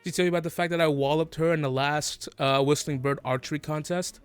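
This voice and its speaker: A man's voice: a little high, steady tone, fast talker, clean tone, faint music behind, close to an everyday voice. A man voicing a friendly young male barkeep who teases easily, in a tabletop game. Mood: teasing. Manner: joking, easygoing.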